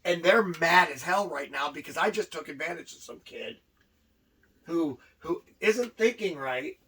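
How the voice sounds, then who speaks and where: A man with a high, bright voice telling stories on a casual podcast. He gets animated and often restarts his words mid-sentence. He sounds a bit away from the mic. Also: unhurried, breathy edge, recorded from a distance, low-quality recording. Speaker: podcast co-host, wrestler. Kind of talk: casual storytelling chat.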